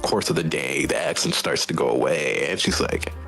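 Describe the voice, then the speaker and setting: A man with a very low, gravelly voice spins a rambling, profane story in casual stream chat. Faint music plays behind him. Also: moderate pace, fairly bright tone, poor audio. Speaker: streamer host.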